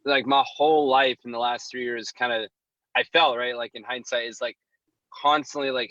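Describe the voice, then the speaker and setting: A man's voice: mid-range voice, fairly even intonation, normal speed, bright, forceful tone, no room sound. A man in a group discussion, talking hesitantly and reflectively, with many restarts. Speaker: participant. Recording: dull, dry close recording.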